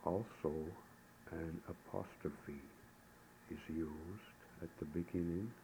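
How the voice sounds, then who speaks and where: Slow deep-voiced man teaching pronunciation. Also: fairly even intonation. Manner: slow, deliberate, syllable by syllable. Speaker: language teacher. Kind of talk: recorded language lesson. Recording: old tape recording with faint hiss.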